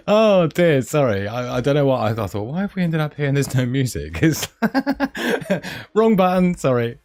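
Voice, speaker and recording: A man's voice: a little high, sing-song, measured pace, darkish tone, soft background music. A man hosting a casual live stream, rambling and giggly with lots of fillers.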